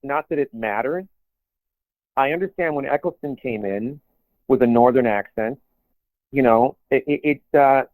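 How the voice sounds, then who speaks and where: A man's voice: medium pitch, measured pace, long pauses, a little mellow, no room sound. A man co-hosting a podcast in casual chat, rambling with many restarts and put-on quotes. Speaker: podcast co-host. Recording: tinny phone-like sound, dry.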